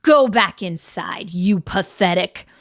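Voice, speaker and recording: A woman's voice: fairly low pitch, lively intonation, slow, no echo, studio quality. A woman reading an audiobook, voicing a cruel male nomad warrior who sneers. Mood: sneering.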